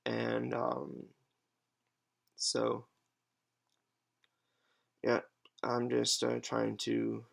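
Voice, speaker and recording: A man in his twenties giving a halting, hesitant, unscripted monologue with many pauses and fillers. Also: mid-range voice, vocal fry. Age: 20s. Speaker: patient advocate vlogger. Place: alone at home.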